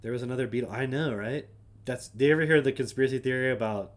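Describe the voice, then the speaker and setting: A man's voice: medium pitch, fast. Wry man muttering offhand asides. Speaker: streamer host. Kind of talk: casual solo chat, reading names aloud.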